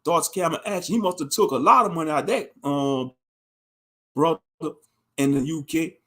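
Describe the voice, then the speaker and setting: A man's voice: on the high side, lively intonation, normal speed, pushed and bright. A man in his thirties giving a profane, mocking, rambling commentary on a livestream. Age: 30s.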